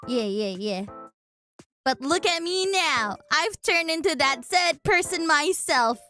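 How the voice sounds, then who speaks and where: High, bright-voiced woman. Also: slow, soft background music. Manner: chatty, rambling, breaks into sarcastic, excitable outbursts. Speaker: streamer. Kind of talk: casual chat.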